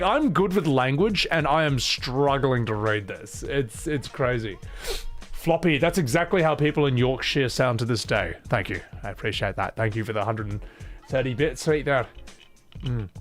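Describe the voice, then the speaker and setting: A male streamer riffing with his chat in a loose, joking way, cursing freely as he goes. His voice swings up and down a lot as he talks. Soft music runs faintly in the background. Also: medium pitch. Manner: animated, joking, swears freely. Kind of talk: casual chat with a live chat.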